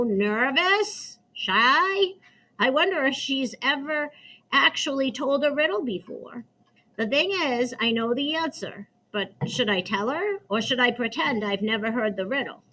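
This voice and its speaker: A woman reading a children's novel aloud chapter by chapter, in a slow, expressive storytelling manner. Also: high-pitched, low-quality recording. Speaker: reader.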